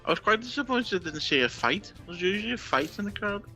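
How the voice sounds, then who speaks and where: A man from the UK recounts events in easy podcast chat, laid back and amused. His voice is noticeably bright, with an ordinary middle pitch. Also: very animated, fast, soft background music. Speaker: podcast co-host. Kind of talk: casual chat.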